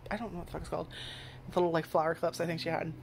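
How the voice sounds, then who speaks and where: A woman's voice: low voice, steady tone, rapid-fire, vocal fry, darkish tone, a little hiss or hum. Rambling, foul-mouthed woman recapping a show. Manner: rambling, profane, self-correcting. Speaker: anime reviewer. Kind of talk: casual first-impressions chat.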